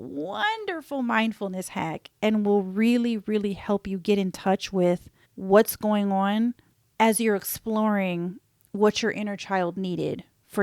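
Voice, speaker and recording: A woman hosting a podcast, talking about personal growth in a gentle, earnest, intimate way, speaking straight to her listeners. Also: mid-range voice, no echo, clean studio sound. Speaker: podcast host. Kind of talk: reflective personal talk.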